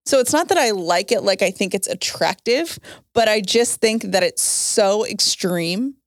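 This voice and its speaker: A woman's voice: mid-range voice, animated, a little slow, no room sound, studio quality. A woman co-hosting a casual chat, mostly giving short agreeing replies. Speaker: co-host.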